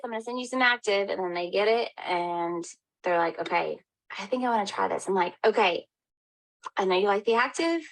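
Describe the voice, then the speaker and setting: A woman's voice: mid-range voice, creaky, low-quality recording. A woman, a health coach giving an upbeat, encouraging pep talk to her team. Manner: upbeat, encouraging, addresses listeners as y'all. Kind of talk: motivational team call.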